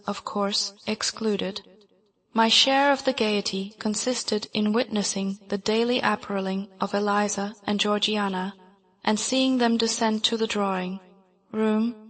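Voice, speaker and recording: A woman narrating a classic novel in the first person, reading in a measured, even way. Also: mid-range voice. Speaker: audiobook narrator. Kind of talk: scripted narration.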